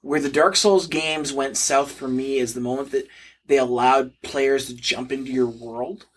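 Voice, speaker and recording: A man's voice: medium pitch, fairly even intonation, normal speed. A man co-hosting a podcast in casual chat, dry and laid-back, matter-of-fact. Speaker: podcast co-host.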